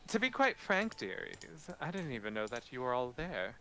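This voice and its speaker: A man's voice: medium pitch, sing-song, moderate pace, sharp tone, a little hiss or hum, pitched above the performer's own voice, low-quality recording. A man voicing Archmage Yosar, an aloof, teasing woman sorceress, in a tabletop game. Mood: breezy.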